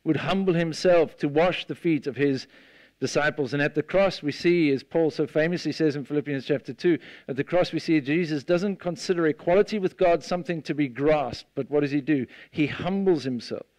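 A man preaching a sermon, retelling a scene with lively storytelling and acting out the voices of the people in it. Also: a little high, brisk, dry recording. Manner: animated storytelling, acts out the disciples' voices.

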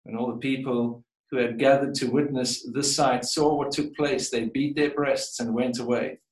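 A man's voice: mid-range voice, steady tone, moderate pace. A man reading scripture aloud and preaching a reflective sermon in a church, often restarting and repeating words as he builds his point. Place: church sanctuary. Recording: echoey room, voice from a distance.

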